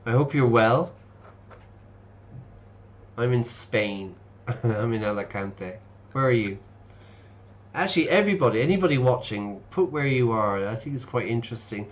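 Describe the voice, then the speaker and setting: A man's voice: medium pitch, expressive, normal speed, highs cut off. Chatty man explaining while playing. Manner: chatty, explains words and reads game text aloud. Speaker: English teacher streaming a game. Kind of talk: casual let's-play commentary.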